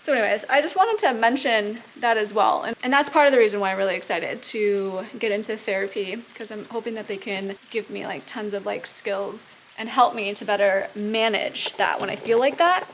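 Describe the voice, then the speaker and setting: A lifestyle vlogger in her thirties talks casually to the camera indoors at home, chatty and open, using "like" constantly. Her medium-pitched voice moves at a moderate pace with few pauses, over slight background noise.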